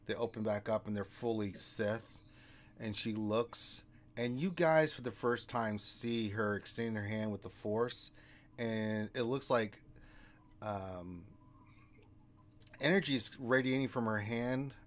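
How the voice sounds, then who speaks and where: Low-voiced, slow game master narrating. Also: male voice. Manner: loose, rambling narration.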